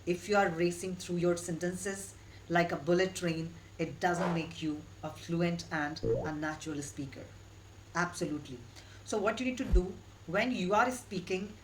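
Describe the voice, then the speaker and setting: A woman giving an online English lesson in a steady, instructive way, repeating her key points. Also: fairly low pitch, normal speed, slight background noise, rough recording. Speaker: English teacher.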